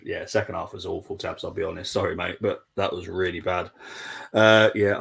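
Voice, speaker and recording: A young man with a low, gravelly, husky voice, chatting loosely through a live football watchalong. He reads out viewer messages and laughs often as he goes. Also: fairly even intonation, normal speed, a bit bright. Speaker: watchalong stream host.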